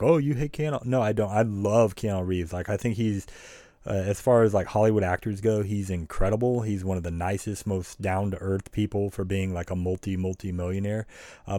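A man with a mellow, low voice chats loosely on a podcast, rambling from point to point. He swears freely and sounds frank. The sound is close and dry. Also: no echo. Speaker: podcast co-host. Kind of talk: casual review chat.

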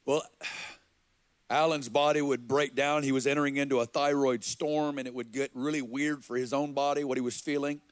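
A man from Arkansas, preaching and telling a personal story in an earnest, halting way. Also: medium pitch, fairly even intonation, no echo. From Arkansas, USA. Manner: earnest, slow and halting, with quoted dialogue. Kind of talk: sermon storytelling.

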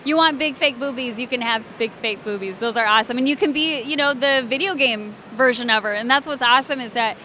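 A woman's voice: a little high, quick pace, hardly any pauses, pushed and bright, a little hiss or hum. A woman from Alabama, chatting in an interview as a voice actress, bubbly and often giggling. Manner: bubbly and giggly, many fillers. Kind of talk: casual interview chat.

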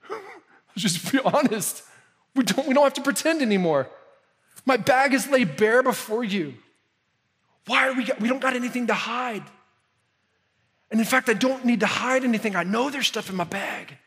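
A male pastor preaching a sermon in an earnest, conversational way that drops to hushed intensity. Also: extremely high pitch, animated, normal speed, long pauses, slightly rough.

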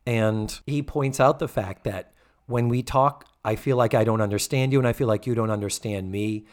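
A man in loose conversation on a podcast, walking through a TV episode scene by scene. He talks in an animated way and lifts his voice to play out the characters' lines. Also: medium pitch, normal speed. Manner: animated, acts out quoted lines in a raised voice. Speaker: podcast co-host. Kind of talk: casual chat recapping a TV episode.

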